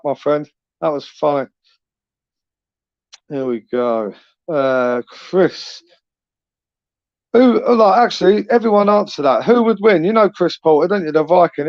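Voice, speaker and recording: A man's voice: fairly high pitch, no room sound. A man hosting a casual live stream, chatting in slang, tagging questions onto his sentences and reading out viewer comments. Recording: dull, lo-fi, dry.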